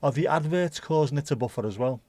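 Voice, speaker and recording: A man's voice: on the high side, fast talker, darkish tone, no room sound. Rambling man on a livestream. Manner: rambling, thinking aloud, chatting to viewers. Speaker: livestream host. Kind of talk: casual livestream chat.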